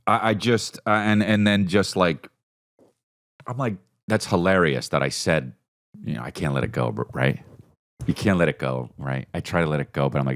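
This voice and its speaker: A man hosting a podcast, telling a comedic story and acting out his own and others' lines with big jumps in his voice. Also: moderate pace. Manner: animated, acts out quotes with big pitch jumps. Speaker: podcast host.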